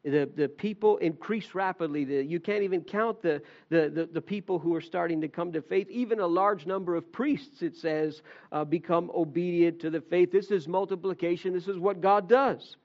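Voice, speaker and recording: A man's voice: high voice, normal speed, hardly any pauses, highs cut off. A male pastor preaching a sermon, retelling a gospel story and acting out the disciples' voices.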